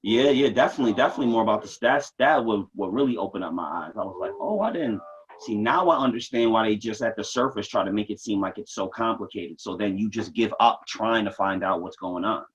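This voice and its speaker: A man in casual podcast chat, talking in a halting, reflective way and often restarting his words. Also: lowish voice, slightly rough. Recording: dull lo-fi sound.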